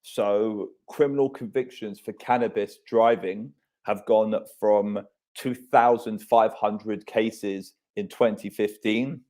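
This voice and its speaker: A man's voice: fairly low pitch, fairly even intonation, slow pace, warm tone. A man in his thirties hosting a casual podcast chat, telling stories animatedly and swearing freely.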